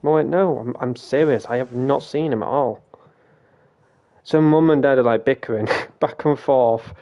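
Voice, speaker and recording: British guy rambling thru a story while gaming, mellow voice, kinda muffled lo-fi mic. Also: medium pitch. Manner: rambling and animated, swears, frequent restarts. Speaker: game streamer. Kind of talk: casual storytelling.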